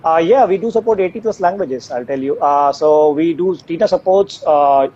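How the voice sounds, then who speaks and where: A man answering live questions about his company's technology, hesitating often with fillers and restarts. His voice is mellow and warm. The audio is dull and lo-fi, over a video call with a faint hiss behind it. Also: fairly high pitch, moderate pace. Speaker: AI company co-founder guest.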